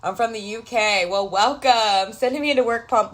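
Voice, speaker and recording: A woman's voice: fairly high pitch, normal speed, fairly bright tone, low-quality recording. A woman giving casual motivational talk on a live stream, emphatic and affectionate, swearing freely and repeating phrases for effect while answering viewers. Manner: affectionate, calls viewers girl and love. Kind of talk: casual live stream chat, reading comments.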